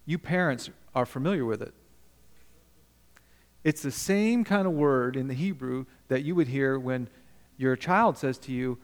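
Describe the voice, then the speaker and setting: A male pastor delivers a sermon in a notably high voice, emphatic and direct with his congregation. The sound carries the long echo of a large hall. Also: lively intonation, unhurried, pauses often. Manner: emphatic, questions the congregation, swings between loud and quiet.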